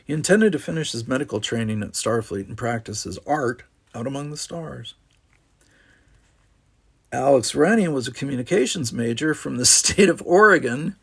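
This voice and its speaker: Gravelly-voiced man reading a novel aloud. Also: mid-range voice, lively intonation, moderate pace. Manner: wry, casual asides. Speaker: audiobook narrator.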